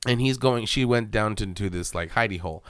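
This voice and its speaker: Animated swearing man, dry close sound. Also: fairly low pitch, clear, resonant tone, no room sound. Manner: animated, swears a lot, acts out scenes in quick voices. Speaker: podcast co-host. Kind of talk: casual film review chat.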